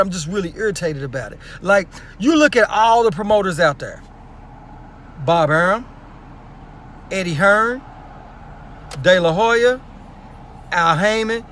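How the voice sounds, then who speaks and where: A man's voice: high-pitched, fairly bright tone. A man with speech giving a blunt, profane boxing opinion rant that is full of repeated rhetorical questions. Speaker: sports commentary vlogger.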